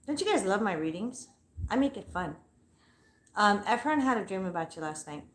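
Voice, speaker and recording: A woman's voice: mid-range voice, expressive, moderate pace. A young adult woman chatting playfully and bluntly on a casual live stream, talking to her dog and giving readings. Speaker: live psychic reader.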